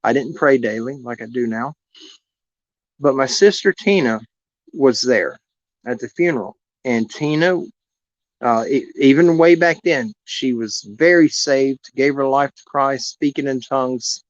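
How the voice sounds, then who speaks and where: A mid-range male voice speaks at a measured pace, sharing a heartfelt story with his live-stream viewers. He's an animal rescue host, and his telling wanders earnestly. The recording is dry, with dull, lo-fi stream sound.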